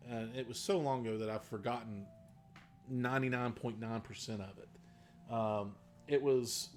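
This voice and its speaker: Rambling dungeon master, faint West Virginia twang. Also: male voice, medium pitch, a little mellow, a little hiss or hum. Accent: faded Southern West Virginia. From Southern West Virginia. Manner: rambling, many fillers and restarts, easygoing. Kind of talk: casual Q&A talk.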